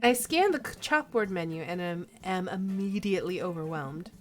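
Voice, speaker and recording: A woman's voice: on the low side, animated, moderate pace, faint music behind. A woman streaming a game, chatting playfully, giggling often and reading the story aloud. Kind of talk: let's play commentary and reading.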